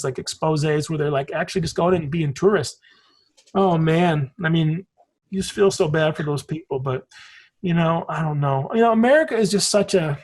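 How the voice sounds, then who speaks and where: A man's voice: a little high, darkish tone. A man in his forties, a podcast guest in casual conversation, telling rambling stories and swearing casually. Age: 40s.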